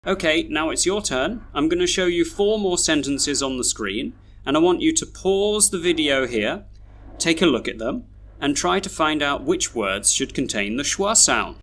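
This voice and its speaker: Slow, deliberate male pronunciation teacher. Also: fairly high pitch, lively intonation, fairly bright tone. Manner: slow, deliberate, reads example sentences twice. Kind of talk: scripted lesson narration.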